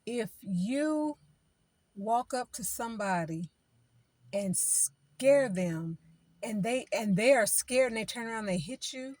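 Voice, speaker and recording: A woman's voice: fairly high pitch, animated, slow, pauses often, a little mellow, dry recording. A woman giving spiritual advice in an informal, preaching way, talking in a chatty style that repeats phrases and acts out what other people say.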